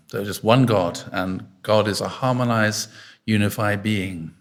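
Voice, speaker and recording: A man preaches in a fairly low voice at a measured pace, giving an informal sermon in an arts centre hall. Chatty and filler-heavy, he often breaks off to question his listeners.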